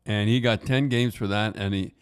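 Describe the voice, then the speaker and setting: Brief: older Canadian man, low voice, rambling hockey yarns, lots of restarts. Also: fairly even intonation, normal speed, clear, resonant tone. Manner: rambling, repeats and restarts, says "eh". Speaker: podcast host. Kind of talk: casual hockey storytelling.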